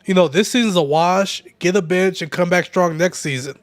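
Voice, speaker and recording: A man's voice: sits high, normal speed, no echo. A man chatting casually on a livestream at home, laid-back and teasing with his viewers. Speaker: game streamer.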